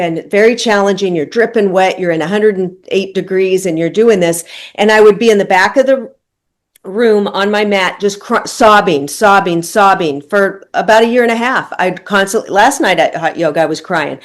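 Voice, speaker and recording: A woman's voice: medium pitch, moderate pace. A woman in her sixties hosting an interview, talking openly and personally as she asks about her own experience. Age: 60s. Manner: open, personal, searching. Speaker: podcast host. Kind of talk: conversational interview.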